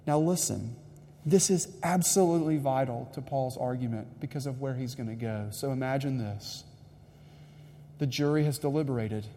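A man's voice: medium pitch, normal speed, warm tone, a little hiss or hum. A man preaching a sermon, emphatic and direct, repeating his key lines to the congregation. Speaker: pastor. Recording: long hall reverb.

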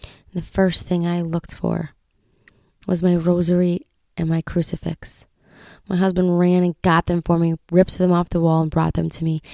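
Woman in her 30s doing a faith podcast, low gravelly voice, earnest, goes whispery a lot, dry close sound. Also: no echo. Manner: earnest, heartfelt, often drops to a soft whisper. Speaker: podcast host.

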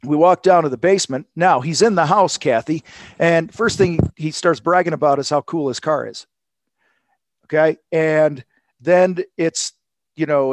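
Animated storytelling man, dry sound. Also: a little high, moderate pace, dry recording. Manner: animated storytelling, acts out quotes. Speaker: sales coach guest. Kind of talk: casual podcast conversation.

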